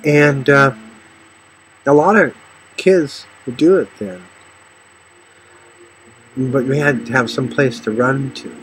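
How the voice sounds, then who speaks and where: A man's voice: slow, pauses often, slight background noise, poor audio. A middle-aged man from the Los Angeles area telling personal stories about faith in a rambling, storytelling way. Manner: storytelling, voices others with sudden high shouts.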